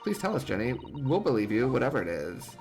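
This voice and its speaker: A man voicing a kind, persistent young lawyer who pleads gently. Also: mid-range voice, sing-song, fairly quick, vocal fry, faint music behind. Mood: pleading. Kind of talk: reading game dialogue aloud.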